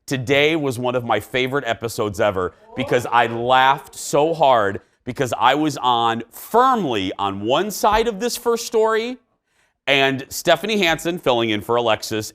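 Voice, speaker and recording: A man's voice: mid-range voice, very animated, unhurried, a bit bright. A middle-aged man hosting a talk show, giving his opinions in a fired-up, emphatic way.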